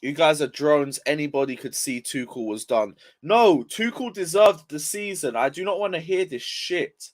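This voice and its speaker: A man's voice: on the high side, expressive, normal speed, hardly any pauses. A young man ranting on a casual football live stream, just woken up and yawning, swearing in frustration as he reads chat aloud. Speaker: football livestreamer.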